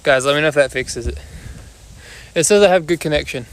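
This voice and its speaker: A young man with a slightly high voice talks to his viewers on a phone livestream from his backyard. He is out of breath after exercise, and his loose, joking chatter comes with heavy breathing between phrases. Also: brisk. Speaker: livestream host. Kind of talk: casual live chat with viewers. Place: backyard outdoors.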